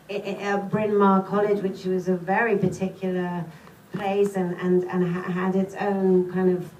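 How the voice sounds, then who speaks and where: A British actress answers questions at a screening Q&A, chatty and self-deprecating, in a medium-pitched, darkish voice. She's in a cinema theater with an audience present. The recording is echoey, far from the mic, with faint hiss.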